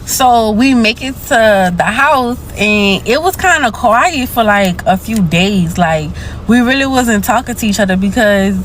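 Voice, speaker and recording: A woman's voice: a little high, animated, measured pace, slight background noise. Blunt woman. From New Orleans, USA. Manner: blunt, casual, slangy. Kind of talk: personal storytime monologue.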